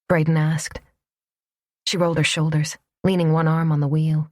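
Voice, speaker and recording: A woman narrating a romance audiobook in a soft, even storytelling voice. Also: low voice, moderate pace, no echo, studio quality.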